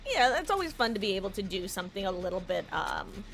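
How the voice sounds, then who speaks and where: A woman's voice: medium pitch, sing-song, fast talker, fairly bright tone. A young adult woman streaming a game, thinking aloud in casual commentary with self-mocking asides.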